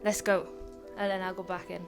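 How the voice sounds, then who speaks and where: A British woman playing a tabletop game, talking in character with many pauses and fillers. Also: mid-range voice, level tone, gravelly, music in the background. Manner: halting, full of fillers. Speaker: player.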